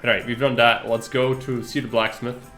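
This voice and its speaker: A man's voice: medium pitch, little pitch movement, normal speed, sharp tone, echoey room, faint music behind. A man from the Republic, chatting casually on a live stream and searching for words. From Czech Republic. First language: Czech. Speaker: game streamer.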